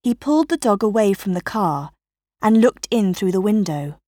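A woman reading a children's story aloud in a slow, careful narrating voice. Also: mid-range voice, lively intonation, dark tone, dry recording, studio quality.

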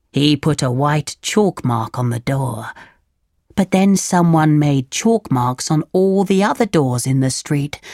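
A reader voicing a confident, cunning male thief from a storybook, calmly talking an old tailor round. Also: medium pitch, dry recording, studio quality. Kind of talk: storybook read-aloud.

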